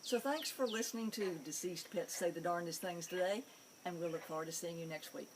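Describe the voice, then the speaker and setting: Animated woman telling pet stories. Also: fairly low pitch, fairly quick, a little hiss or hum. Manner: animated, amused storytelling. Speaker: pet psychic show host. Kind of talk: storytelling monologue.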